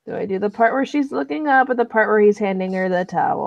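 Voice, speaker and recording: A woman's voice: mid-range voice, fast talker, creaky, no room sound, dull audio. Congested young woman on a stream, mid-range voice, teasing and dry, close home mic. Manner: teasing, deadpan quips. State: congested, snuffly. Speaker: livestream co-host. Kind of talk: casual chat while video editing.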